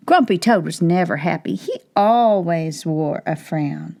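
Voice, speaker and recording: A woman teacher reads a picture book to young children slowly and clearly, taking her time over every line and often stopping to ask the child viewers questions. Her warm, fairly low voice has lively intonation and turns gravelly and creaky at the ends of phrases.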